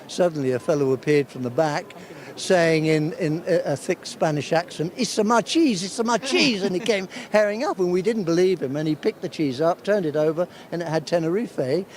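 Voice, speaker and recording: A man's voice: fairly high pitch, darkish tone. An older man in a casual interview, telling rambling stories about the early years, chuckling as he goes. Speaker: awards founder interviewed. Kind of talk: anecdotal interview chat.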